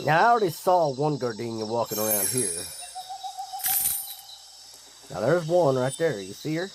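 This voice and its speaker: A man's voice: medium pitch, very animated, noisy background. A man hosting a gaming channel, chatting casually to his viewers about a game and calling them guys. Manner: slow, drawn-out, chatty, addresses viewers as guys.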